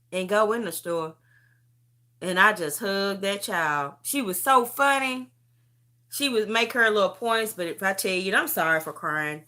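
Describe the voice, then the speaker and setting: A woman's voice: mid-range voice, bright, forceful tone. A middle-aged woman livestreaming from her phone, talking heartfelt and repetitive about her faith and family straight to her viewers. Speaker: livestream host. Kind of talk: emotional testimony chat.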